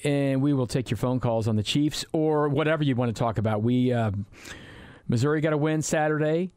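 A man hosting a sports talk radio show in the studio, chatty and rambling with quick asides. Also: medium pitch, a little mellow, clean tone, no room sound. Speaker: fill-in sports radio host. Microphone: studio microphone.

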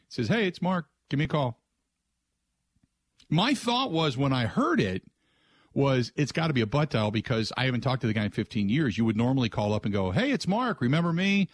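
A middle-aged man hosting a radio show, telling a rambling story in a casual way, with restarts and lively quoted voices. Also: mid-range voice, no echo. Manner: rambling, restarts, animated when quoting others.

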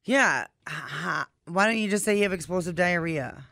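A man's voice: high-pitched, moderate pace, vocal fry, bright, forceful tone, no echo, studio quality. A man co-hosting a podcast, chatting casually in a wry, blunt, joking way. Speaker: podcast co-host. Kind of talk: casual chat.

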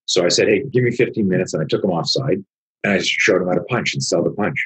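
With a very low, husky voice, a man who sounds like an older martial arts teacher tells a story in casual conversation, animated, profane, and acting out other people's lines. He talks fast, and the audio is poor.

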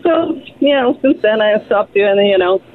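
Woman caller with a soft, animated voice telling a story over a tinny phone line. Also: medium pitch, normal speed, a little hiss or hum. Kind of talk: casual storytelling.

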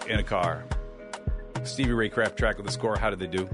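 A man co-hosting a radio morning show, reading out trivia questions in an animated, joking way. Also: lowish voice, over music. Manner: animated, reads questions briskly and jokes between them. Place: radio studio. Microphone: studio mic.

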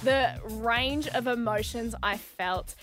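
A young Australian woman co-hosting a radio show, telling a story in an animated, breathless way with laughs. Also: a little high, takes it slowly, soft background music. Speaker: radio co-host. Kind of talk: casual radio chat.

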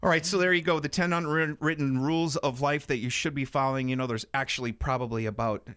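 A man's voice: fast, smooth, no room sound, studio quality. A middle-aged man co-hosting a casual chat, joking and playing up being grumpy with big swings in his voice. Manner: joking, mock-grumpy, animated pitch jumps. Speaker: podcast co-host.

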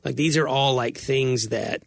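A man talking casually in measured remarks, sharing what he has been told in counseling circles. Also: medium pitch, gravelly, no room sound. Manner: brief agreeing interjections, measured remarks about counseling. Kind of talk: casual conversation.

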